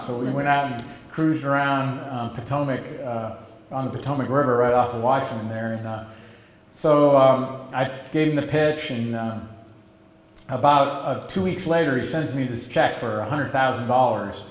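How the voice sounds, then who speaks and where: A man's voice: medium pitch, steady tone, moderate pace, reverberant. Man telling a rambling business story. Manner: rambling with restarts, acts out quoted voices. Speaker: interviewee, entrepreneur. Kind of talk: conversational storytelling. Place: stage or meeting room, event interview.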